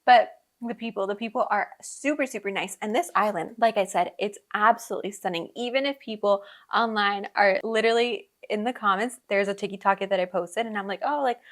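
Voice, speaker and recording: In a brisk mid-range voice that's a bit bright, this young woman hosting a podcast leaves few pauses. She tells travel tales casually, laughing often and using lots of fillers.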